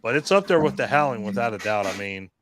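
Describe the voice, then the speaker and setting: A man's voice: fairly low pitch, lively intonation, quick pace, fairly bright tone, a little hiss or hum. A man hosting a live online hangout, chatting casually in a joking, profane and rambling way. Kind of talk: casual chat.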